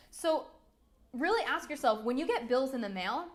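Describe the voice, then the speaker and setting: Young woman, business coach, chatty and upbeat, fairly high voice. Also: sing-song, normal speed. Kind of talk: live-streamed coaching talk.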